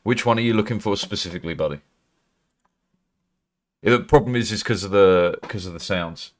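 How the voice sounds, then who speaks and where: A man's voice: fairly low pitch, brisk. A man from Britain chatting casually on a live stream, swearing often and laughing. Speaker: livestreamer.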